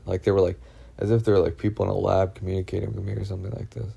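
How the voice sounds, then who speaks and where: Brief: man, gravelly low voice, husky edge, anxious rambling vlogger who swears a lot and keeps restarting. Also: little pitch movement, dark tone. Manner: halting, full of fillers and restarts, heavy swearing; uneasy, anxious telling. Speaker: vlogger recounting personal experiences. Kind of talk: rambling first-person monologue.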